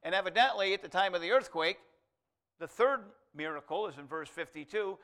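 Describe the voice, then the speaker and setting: Male preacher, slightly high voice, shifts from hushed asides to emphatic sermon peaks. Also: brisk. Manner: swings from quiet aside to loud emphatic proclamation; reads scripture aloud in King James wording.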